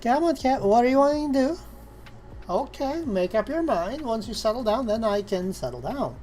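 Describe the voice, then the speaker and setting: A woman's voice: a little high, sing-song, warm tone, slight background noise. A woman streaming casually as she works, talking herself through steps and chatting to her cat. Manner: slow, self-talking, talks fondly and exasperatedly to her cat. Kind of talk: casual live-stream chat while 3D modeling.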